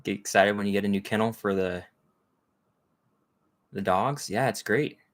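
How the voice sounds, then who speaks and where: Man, lowish voice, rambling casual livestream host, chats with viewers. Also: normal speed. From Texas. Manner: rambling, chatty, greets viewers by name. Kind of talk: casual live chat with viewers.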